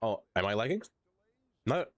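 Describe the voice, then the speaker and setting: A man streams a city-building game, chatting casually with viewers, joking, singing along, and doing silly voices in playful gameplay commentary. His voice is on the low side with big pitch swings and a moderate pace, in clean studio sound with no room sound.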